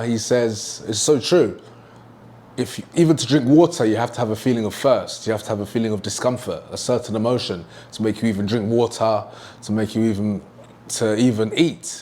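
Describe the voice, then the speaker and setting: A man's voice: fairly low pitch, a little mellow. A young man teaching a sales lesson at a whiteboard, emphatic and repeating his key points. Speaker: sales trainer.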